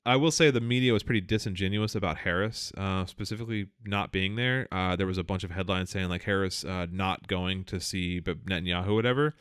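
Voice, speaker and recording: Low-voiced man ranting on a podcast. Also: brisk, few pauses, fairly bright tone, smooth, no room sound, studio quality. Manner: rambling, profane, many fillers and restarts. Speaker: podcast co-host. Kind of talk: casual political chat.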